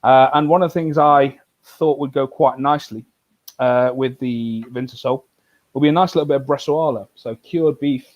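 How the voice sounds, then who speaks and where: A man hosting a casual live whisky tasting, talking in a relaxed, rambling way with many fillers and restarts. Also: medium pitch, moderate pace, highs cut off. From United Kingdom.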